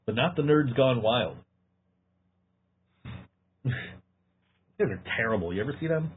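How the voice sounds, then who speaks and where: Lively teasing man on a tinny line. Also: medium pitch, slow pace, breathy edge. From Western New York. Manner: teasing, laughs often, mocking voices. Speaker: podcast co-host. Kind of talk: casual banter. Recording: phone-like audio with faint noise.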